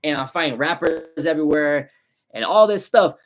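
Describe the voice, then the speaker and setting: A man in his twenties from the San Francisco Bay Area. He runs a car detailing business and talks through a casual livestream in loose, slangy, animated street talk. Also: a little high, normal speed.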